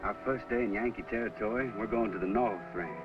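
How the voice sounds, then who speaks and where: A man's voice: fairly low pitch, quick pace, close to an everyday voice. A man playing a drawling Southern country doctor. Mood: calm. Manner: drawling, folksy and good-humored. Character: friendly easygoing newly arrived male country doctor. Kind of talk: 1950s TV western acting. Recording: dull old TV soundtrack with music.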